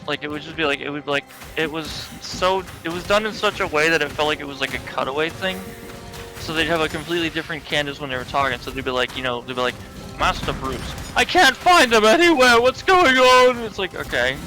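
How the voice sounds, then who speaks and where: A man chatting while he streams a game, animated and joking, laughing often and slipping into silly voices. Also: a little high, fast talker, over music, poor audio. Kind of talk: casual gameplay chat.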